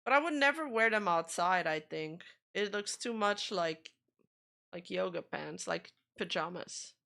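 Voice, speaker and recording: A woman's voice: fairly low pitch, lively intonation, unhurried, creaky, fairly bright tone. A woman streamer in casual chat, rambling and trailing off as she reacts to videos. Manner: chatty, rambling, trails off mid-sentence.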